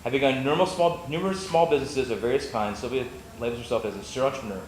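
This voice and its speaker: A man with a middle-pitched voice reads out a speaker introduction, quick and a little stumbling, adding small asides. The room is echoey with faint noise behind him. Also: darkish tone. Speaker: meetup host. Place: meeting room.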